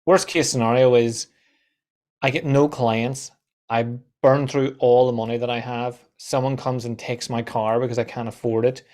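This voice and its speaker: A man, a guest on a podcast, telling animated stories and acting out quoted voices, with casual swearing. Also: mid-range voice, moderate pace. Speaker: guest, content coach.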